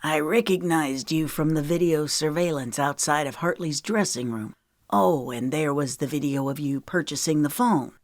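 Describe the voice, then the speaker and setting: A woman's voice: deep voice, normal speed, no echo, clean studio sound, natural voice. A woman reading the lines of a level-headed male former Navy SEAL in an audiobook.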